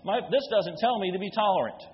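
Impassioned pastor preaching in a hall. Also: male voice, high voice, quick pace. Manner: impassioned, emphatic rhetorical questions. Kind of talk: sermon. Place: church sanctuary. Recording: dull recording with long hall reverb.

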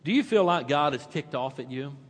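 A male pastor preaching a sermon in a church, swinging from loud animated peaks to hushed quiet stretches. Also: fairly high pitch, fairly quick, in a large hall.

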